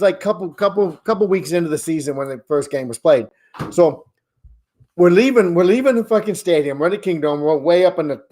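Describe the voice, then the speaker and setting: A man's voice: a little high, darkish tone. A man co-hosting a podcast, chatting casually over a video call, telling rambling stories and swearing freely. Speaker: podcast co-host. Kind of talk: casual chat.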